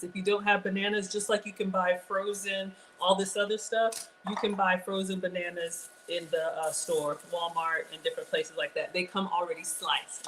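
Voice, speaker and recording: A woman's voice: medium pitch, a bit bright, a little hiss or hum, poor audio. A woman, chatting casually to viewers as she runs a live cooking demo. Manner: chatty, talks straight to viewers. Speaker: cooking live-stream host.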